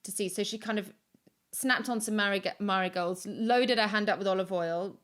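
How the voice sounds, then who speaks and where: A woman in her thirties, a podcast guest recorded remotely from home, telling a story in a chatty, animated way full of restarts and acted-out quotes. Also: mid-range voice, normal speed. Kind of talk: casual storytelling.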